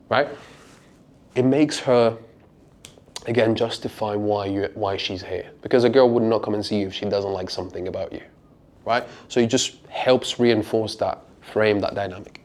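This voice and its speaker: A man's voice: fairly quick, a little mellow. A young man, a dating coach, giving a casual, profane seminar talk to a small group and acting out lines in a raised voice. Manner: casual, profane, acts out lines with pitch jumps.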